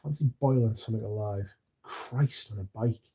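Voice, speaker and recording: Reading his chat on a livestream, a man with a warm, husky voice on the low side chats at normal speed. He's drowsy and rambling, yawns, and mumbles at times.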